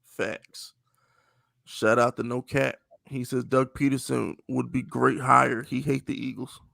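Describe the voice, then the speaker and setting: A man hosting a casual sports podcast, talking in an animated, mocking, slangy way. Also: mid-range voice, unhurried, creaky, dry recording. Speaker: podcast host.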